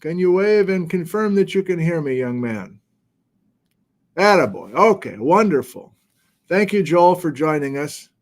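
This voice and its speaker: Laid-back american guy, bit high-pitched, hosting a geology livestream and reading off viewer towns. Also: measured pace. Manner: relaxed, chatty, reads viewer locations aloud. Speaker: geology lecture host. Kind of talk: casual livestream greetings.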